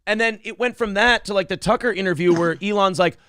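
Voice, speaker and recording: A man hosting a casual morning show, talking in a profane, jokey and animated way. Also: high voice, fast talker, no echo. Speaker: host. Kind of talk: casual podcast chat.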